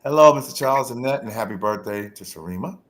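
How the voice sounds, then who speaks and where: A man hosting a podcast interview in a casual, animated way, often laughing and calling out to listeners. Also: mid-range voice, quick pace. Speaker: podcast host.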